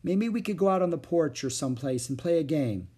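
A man reading aloud gives voice to a fed-up schoolgirl big sister in a storybook. She speaks earnestly and crossly, the voice slightly husky with lively pitch. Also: a little fast. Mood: exasperated. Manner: earnest, annoyed. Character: exasperated older sister, schoolgirl.

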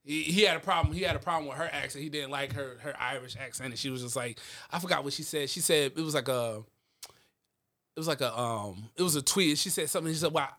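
A young man co-hosting a casual podcast chat, animated and slangy, rambling with lots of fillers. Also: fairly high pitch, fast. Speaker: podcast co-host.

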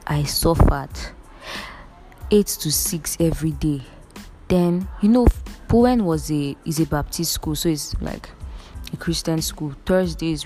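Low, mellow-voiced young Nigerian woman. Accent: Nigerian English. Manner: earnest, emphatic, often calls out to viewers. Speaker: vlogger. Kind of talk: casual direct-to-camera storytelling.

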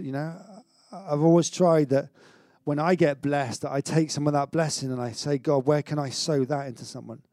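Male pastor, middle-aged, chatty sermon with restarts and jokes, slightly high voice. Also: no echo, clean studio sound. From Wales. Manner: energetic, conversational preaching with stammered restarts and self-mocking humour.

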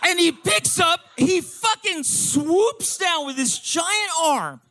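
Man, fifties, comic storyteller; bright, sharp tone, excitable and profane, tripping over his own restarts. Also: extremely high pitch, slow, vocal fry, no echo.

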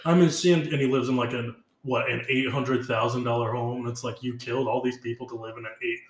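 A man's voice: medium pitch, steady tone, fast, slight background noise. A man co-hosting a podcast, chatting casually with sarcastic, provocative teasing. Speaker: podcast co-host. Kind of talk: casual comedic chat. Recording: roomy echo.

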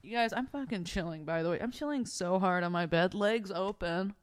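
A young adult woman with a lowish, clear, resonant voice talks a little fast while hosting a podcast from her bed, a close mic in front of her face. The storytelling is casual and profane, and she animatedly acts out voices.

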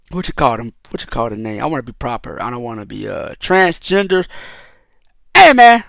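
Fired-up, profane podcast host. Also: male voice, high-pitched, creaky, fairly bright tone, no echo. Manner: profane, heated and rambling, with frequent restarts. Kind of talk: casual solo podcast commentary.

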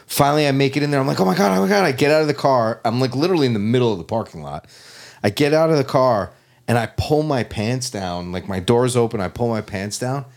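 A man's voice: mid-range voice, fast talker, a little mellow. A middle-aged man on a podcast, telling a crude story in a rambling way and acting out his own reactions. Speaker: podcast guest. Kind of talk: casual comedic storytelling.

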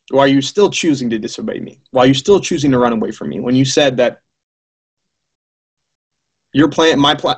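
Animated man preaching through a personal story. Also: mid-range voice. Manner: animated, acts out quoted voices, many fillers. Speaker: preacher giving his testimony.

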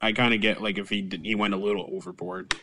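A young man co-hosting a podcast in casual chat, relaxed and agreeable, hedging his views. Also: on the low side, quick pace, a little hiss or hum. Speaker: podcast co-host.

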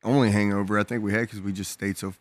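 A man's voice: fairly low pitch, steady tone, fast talker, no room sound. A young man in casual chat, telling a party story in a laid-back, slangy way and laughing between lines.

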